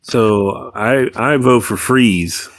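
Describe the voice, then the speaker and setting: A man's voice: fairly low pitch, extremely slow, no echo. A man playing in a tabletop game who reasons his choices aloud in casual chat.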